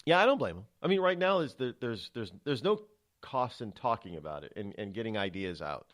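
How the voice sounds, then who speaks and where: A man's voice: on the low side, very animated, brisk, a bit bright. A middle-aged man hosting his own radio show, talking solo in a chatty, digressive way, often restarting and repeating words as he goes. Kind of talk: rambling solo talk-radio monologue.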